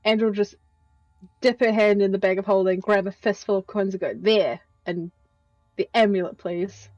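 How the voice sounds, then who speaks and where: A woman playing a tabletop game, haltingly voicing her character as she haggles. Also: mid-range voice, fairly even intonation, a little mellow, no room sound, dull audio, soft background music. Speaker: player.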